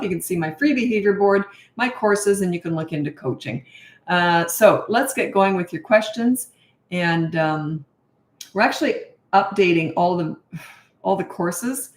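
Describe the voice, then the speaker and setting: Woman, middle-aged, parenting coach, casual live-stream chat, rambling, echoey room. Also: medium pitch.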